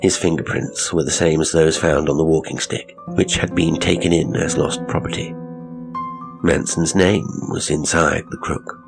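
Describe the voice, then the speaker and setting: A man narrating a horror story in a measured, dramatic, brooding way. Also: extremely low pitch, steady tone, gravelly, over music.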